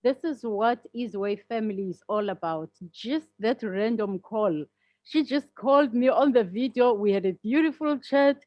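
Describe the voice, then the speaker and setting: A woman co-hosting a casual video call, affirming and warm toward the guests. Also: on the high side, unhurried, dry recording, lo-fi sound. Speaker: co-host.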